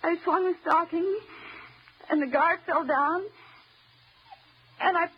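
A woman playing an unhinged, vengeful escaped wife who taunts her husband slowly and menacingly, in old-time radio drama style. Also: very high voice. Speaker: escaped asylum patient wife. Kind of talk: 1940s radio acting. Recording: dull old radio broadcast, faint hiss.

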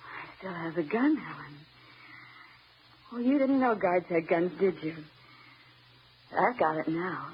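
An actress playing an unhinged wife who has escaped an asylum, taunting and menacing in 1940s radio acting style. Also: female voice, lowish voice, unhurried, pauses often, lightly acted. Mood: bitter, cold. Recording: dull old radio recording, faint hiss.

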